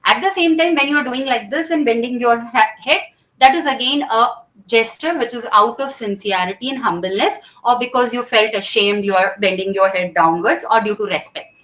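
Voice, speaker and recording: Demonstrating each public speaking gesture as she goes, a woman walks her students through the material step by step, frequently asking "okay?" She speaks at normal speed in a slightly high, fairly bright voice, recorded at low quality.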